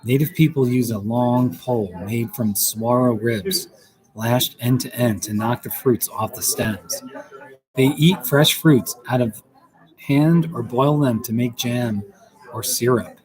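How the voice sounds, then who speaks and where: In a busy coffee shop with crowd chatter behind him, a man hosts a casual stream, reading aloud from a book in a mid-range voice at a measured pace. He breaks off to comment on the pictures and laugh, and the recording quality is low.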